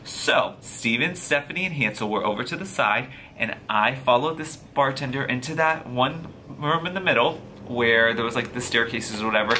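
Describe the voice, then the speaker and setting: A man vlogger casually retelling a story to camera, profane and animated, full of slang. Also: medium pitch, normal speed, hardly any pauses, a little hiss or hum.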